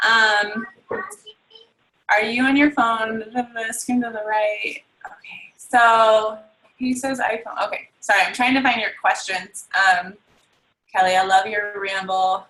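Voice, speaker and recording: A woman with a slightly high, slow, pushed and bright voice hosts a casual team video call. She rambles through a casual chat, reads out comments, and fills her speech with lots of ums and likes, all in an echoey room.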